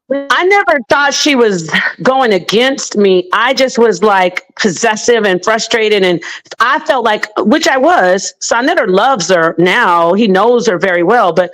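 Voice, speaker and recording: A woman in casual chat, telling an animated story and swearing freely while quoting people. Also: on the high side, unhurried, poor audio.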